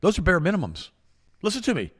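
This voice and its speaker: A man's voice: sits high, fast talker. A man co-hosting a talk show, telling stories with acted-out quotes in opinionated casual talk. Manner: lively storyteller, acts out quoted voices, repeats himself.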